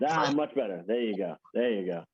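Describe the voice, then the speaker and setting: A man's voice: on the low side, expressive, fairly quick, background noise. Man chatting over a tinny call. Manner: friendly, rambling, laughs easily. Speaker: host. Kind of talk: casual chat on a video call. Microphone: video call. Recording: tinny phone-like call audio.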